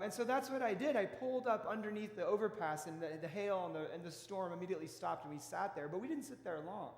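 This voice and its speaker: A man preaching a sermon in a relaxed, conversational way, telling stories with frequent restarts. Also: high voice, vocal fry. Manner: folksy storytelling with frequent restarts. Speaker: pastor. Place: church. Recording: echoey church hall.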